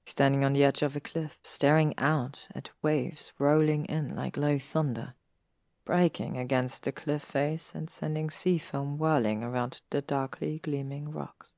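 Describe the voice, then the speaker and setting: A woman narrating an audiobook story in a measured, even way. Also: deep voice, no room sound, clean studio sound. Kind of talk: audiobook reading of fan fiction.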